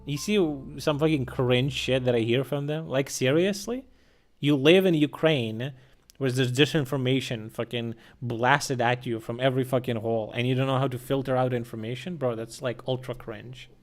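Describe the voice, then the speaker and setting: A man's voice: mid-range voice, fairly even intonation, moderate pace. A young man ranting sarcastically and with lots of swearing while commenting on a live stream.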